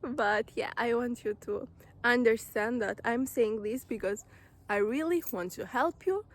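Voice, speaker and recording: A woman's voice: fairly high pitch, measured pace. A woman giving an earnest, direct motivational talk to camera, repeating phrases for emphasis. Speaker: self-help vlogger.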